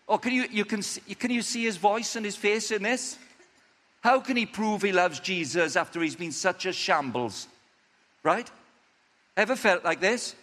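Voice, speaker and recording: A man's voice: high voice, animated, moderate pace, sharp tone. A man preaching a sermon to a gathered audience, telling a story with animation and putting questions to his listeners. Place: meeting room or church, evening. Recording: reverberant hall.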